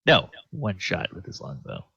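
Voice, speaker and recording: Low-voiced guy dming a tabletop game, slow and halting, dry dull lo-fi sound. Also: wildly swooping pitch, gravelly, pushed and bright, slightly rough, dry recording. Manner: unhurried, halting with fillers. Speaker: dungeon master.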